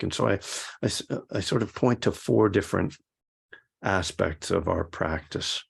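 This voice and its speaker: Low, gravelly man giving a dharma talk. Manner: halting and reflective, with frequent restarts. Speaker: meditation teacher and author. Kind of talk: casual dharma talk to a class.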